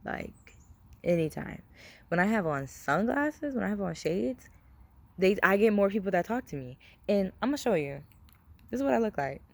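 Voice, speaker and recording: A woman's voice: mid-range voice, big pitch swings, normal speed, creaky. A young adult woman talking casually to her camera, rambling with many fillers, cursing freely and speaking openly. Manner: open and confiding. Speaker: vlogger. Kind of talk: casual personal vlog talk.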